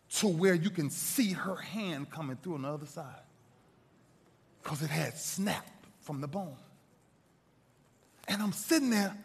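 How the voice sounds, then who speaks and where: A man giving an inspirational speech to a live audience, telling a story dramatically and swinging from loud bursts to hushed asides. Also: a little high. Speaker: motivational speaker. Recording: long reverb of a large hall.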